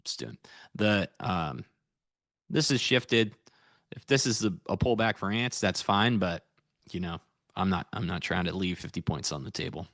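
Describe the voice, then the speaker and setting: An American futures trader streams live, reviewing his trades in a rambling, easygoing way as he chats with viewers. His voice is low-pitched and a bit bright, at a normal speed. The recording is studio quality with no echo.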